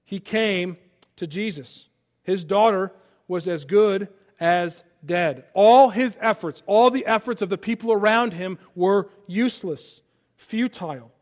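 A man in his thirties preaching a sermon, dropping to a hushed voice in personal stories and rising to loud peaks. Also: high-pitched, measured pace. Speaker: pastor.

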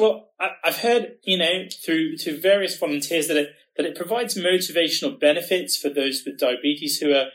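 A man with a fairly high voice, chatting on a podcast. He talks haltingly and often repeats a word as he finds his thoughts. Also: fairly bright tone, low-quality recording. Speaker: podcast co-host working in research. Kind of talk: podcast conversation.

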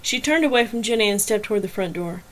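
A woman's voice: mid-range voice, rough recording. A woman narrating a serialized novel chapter and closing the episode as host. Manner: even, measured storytelling. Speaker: audiobook narrator and podcast host. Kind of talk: scripted novel reading.

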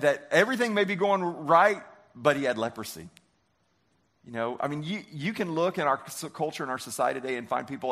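A man's voice: a little high, a bit bright. A man preaching a sermon in a conversational way, acting out biblical characters with everyday lines and often repeating words as he restarts. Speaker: pastor.

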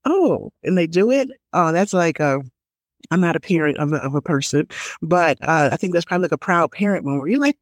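A middle-aged woman speaking as a communications strategist in an interview, expressive and laughing often as she acts out little quotes. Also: low-pitched, quick pace, no echo. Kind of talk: conversational interview.

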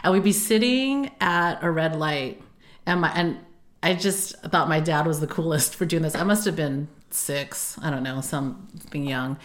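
Casting: woman podcast co-host, lively storyteller, laughs often, squeaky quoted voices. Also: moderate pace. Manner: animated, laughing, acts out quotes in high squeals. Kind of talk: casual storytelling chat.

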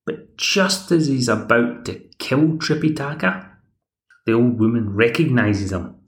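Speaking unhurriedly in a mid-range voice, a Scottish man on his podcast walks through a TV episode in a loose, talkative manner, dropping in wry comments. The room he records in is echoey.

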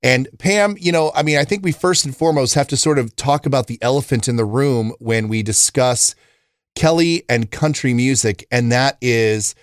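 A man co-host lays out the topic in steady, measured podcast chat, pausing on "uh" and "you know." His voice is mid-pitched, and the recording is close and dry with no room sound. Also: no room sound. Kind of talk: casual chat.

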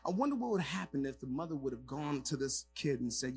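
A male pastor preaching a sermon to a congregation in a church hall, moving from quiet asides to loud, emphatic passages. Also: medium pitch, big pitch swings, fast, few pauses, soft background music.

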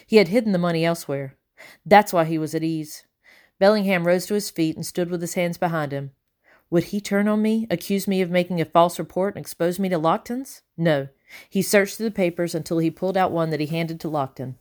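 A woman reading a first-person audiobook in a steady, measured voice. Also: on the low side. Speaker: audiobook narrator.

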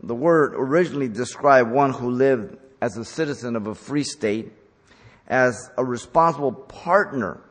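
A man preaching an expository sermon, stressing key words with emphasis as he works through a passage verse by verse. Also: mid-range voice. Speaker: pastor. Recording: long reverb from a large hall.

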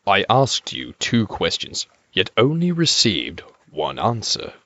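Man voicing a knight captain, commanding, bright and sharp tone, lively swings of pitch, slow delivery. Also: dry recording, heavily acted. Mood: interrogating. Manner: cold, commanding, interrogating. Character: stern menacing male knight captain. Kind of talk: audio drama acting. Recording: dull lo-fi recording.

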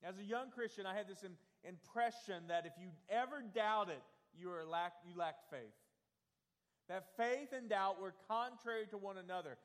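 A male pastor preaches with a fairly high voice that carries a long reverb tail, as if filling a church sanctuary. He talks to his congregation directly, asking for raised hands, and moves between quick asides and fervent emphasis. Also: a bit bright. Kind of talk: sermon.

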